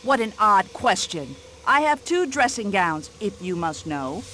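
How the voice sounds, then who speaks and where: Brassy older American widow, game role, bright lively nagging voice. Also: female voice, medium pitch, measured pace, a little hiss or hum. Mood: gossipy. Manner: indignant, nosy, fussy complaining chatter. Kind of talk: video game voice acting.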